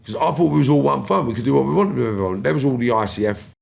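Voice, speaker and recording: A gravelly, medium-pitched man in his fifties races through his stories as a podcast guest. He's casual and animated, acting out other people's lines and cursing freely.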